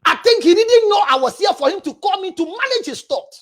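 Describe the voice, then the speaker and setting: A woman with a Ghanaian accent, a counselor preaching relationship advice, forceful and scolding, often raising her voice. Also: extremely high pitch, lively intonation, fairly quick.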